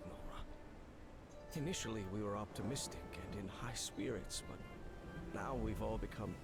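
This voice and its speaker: A gravelly, low-pitched, weary explorer, reading his letter in a grim, measured way. Loud game music plays under his voice throughout. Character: weary male explorer writing to his sick love.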